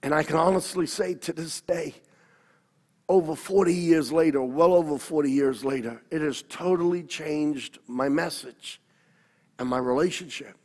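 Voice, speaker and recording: A man's voice: a little high, normal speed, darkish tone. A man, a pastor telling his personal story in an interview, earnest and often correcting himself. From Australia. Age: 60s. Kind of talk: personal testimony. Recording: long hall reverb.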